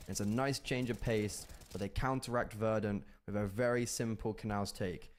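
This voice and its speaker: A man's voice: fairly low pitch, moderate pace, a little hiss or hum. Male esports caster calling a live match. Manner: animated, rising in bursts at big plays. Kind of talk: live play-by-play game commentary.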